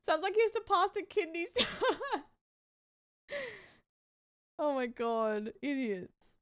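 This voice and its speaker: Woman streamer reacting to vids n laughing a lot, high bouncy voice, takes her time talking. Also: big pitch swings, slow pace. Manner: laughs often, chatty, reacts with amused exclamations. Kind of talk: casual live-stream chat, reacting to clips.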